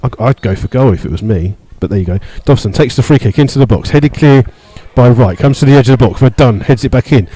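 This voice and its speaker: Brief: male radio football commentator, mellow tone, halting play-by-play full of fillers, gets worked up over referee calls. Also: husky, rough recording. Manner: steady play-by-play with many fillers, rising in pitch when indignant. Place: stadium stand among fans.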